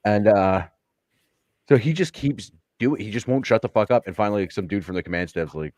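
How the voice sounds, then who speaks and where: Low-voiced man telling a crude story. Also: fairly quick, a little mellow, dry recording, clean studio sound. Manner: storytelling, swearing, acts out quotes. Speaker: podcast co-host. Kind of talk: casual profane chat.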